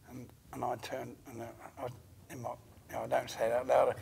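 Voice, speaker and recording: A man telling his story as an interview guest, hesitant and full of pauses. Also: medium pitch, little pitch movement, vocal fry, darkish tone, a little hiss or hum. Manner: hesitant, many pauses and fillers. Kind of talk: halting conversational storytelling.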